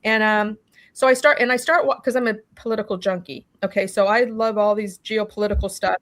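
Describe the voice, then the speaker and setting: A woman's voice: medium pitch, brisk. A woman recounting her own experience in an interview, talking animatedly, acting out what people said and often restarting with "you know". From California. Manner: animated storytelling, acting out quoted dialogue. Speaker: interview guest. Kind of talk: personal testimony in a conversation.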